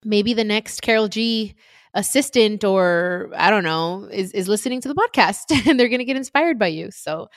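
A woman's voice: mid-range voice, no room sound, clean studio sound. A woman hosting a podcast in casual chat, laughing often and slipping into Spanish phrases. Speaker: podcast host.

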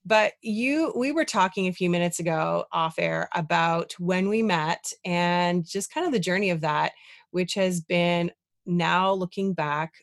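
Low-voiced, enthusiastic woman podcast host. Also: measured pace, no room sound, clean studio sound. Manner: enthusiastic and affirming. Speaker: podcast host and life coach. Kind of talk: conversational interview. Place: Toronto.

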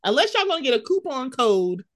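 A high-pitched woman talks through reality-show gossip in a loose podcast chat. Her voice leaps all over the place as she laughs and acts out what other people said. She is brash, slangy and playful. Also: a little fast. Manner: animated, laughing, slangy, mimics others in quotes. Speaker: podcast co-host.

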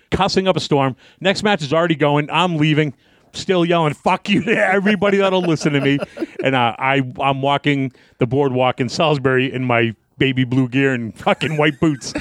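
A man, a wrestling guest, telling a story in casual talk, cursing freely and acting out his shouting. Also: on the high side, dry recording, clean studio sound. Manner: profane, animated, acts out yelling.

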